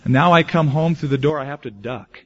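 A male pastor preaching a sermon, moving between loud, emphatic declarations and quiet, hushed asides. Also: medium pitch, a little fast, lo-fi sound, slight background noise.

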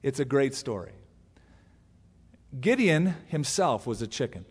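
A man's voice: mid-range voice, measured pace, husky, in a large hall. A man pastor teaching a Bible sermon, telling the story with humor and acting out the quotes. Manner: animated storyteller who acts out quotes with humor.

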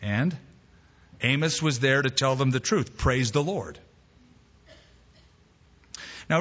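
A pastor preaching an expository sermon, telling a joke story with emphatic, acted quotes. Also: male voice, fairly high pitch, fairly bright tone. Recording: dull reverberant hall recording.

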